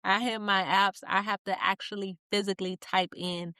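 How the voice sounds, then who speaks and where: A woman's voice: medium pitch, little pitch movement, moderate pace, sharp tone, clear, resonant tone, no echo, clean studio sound. Upbeat woman guest, emphatic and chatty. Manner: upbeat, laughs often, emphatic repetition. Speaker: guest, business founder. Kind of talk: casual interview chat.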